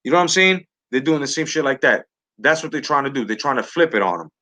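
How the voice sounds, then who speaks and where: A man with a medium-pitched, sharp voice talks fast and expressively while hosting a live talk stream. He delivers a heated, profane political rant to his live chat, restarting sentences and repeating words often.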